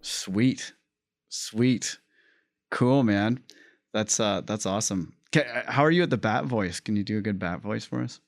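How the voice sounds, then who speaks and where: Upbeat low-voiced man, chatty and eager. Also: unhurried, dry recording, studio quality. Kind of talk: casual podcast conversation.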